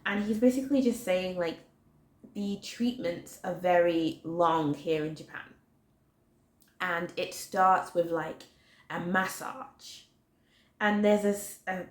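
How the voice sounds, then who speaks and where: A woman in her twenties telling a personal story in a chatty, animated way, full of "like". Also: fairly low pitch, takes it slowly. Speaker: vlogger. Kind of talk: storytime vlog. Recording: roomy echo.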